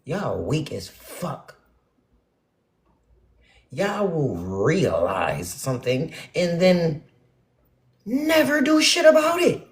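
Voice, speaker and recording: A young woman rants bluntly and profanely to her viewers, swinging between loud outbursts and muttered asides. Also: sits low, sing-song, drawn-out words, long pauses. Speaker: spiritual vlogger. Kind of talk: ranting casual monologue to viewers.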